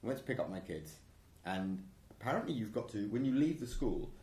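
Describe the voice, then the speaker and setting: A man's voice: fairly low pitch, very animated, brisk, darkish tone, a little hiss or hum. Guy hosting a live stream, jokey rambly, teasing, echoey room. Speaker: show host. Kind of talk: casual live-stream chat.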